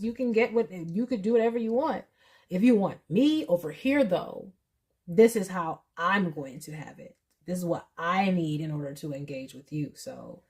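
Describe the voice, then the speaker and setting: A woman at home giving a casual tarot reading to her viewers. She thinks aloud and breaks into sudden excited bursts. Her voice sits at a middle pitch. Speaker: tarot reader.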